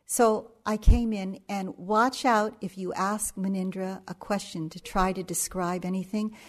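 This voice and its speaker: A middle-aged woman meditation teacher telling a story in a dharma talk, unhurried and anecdotal, with frequent pauses and fillers. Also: mid-range voice.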